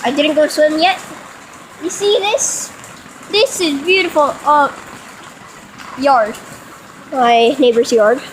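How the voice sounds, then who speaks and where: High-pitched child vlogging in rain. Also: takes it slowly, long pauses, a bit bright, rough recording. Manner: rambling, sarcastic commentary. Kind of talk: casual phone vlog. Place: outdoors in heavy rain. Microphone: phone camera held in hand. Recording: faint rain noise behind.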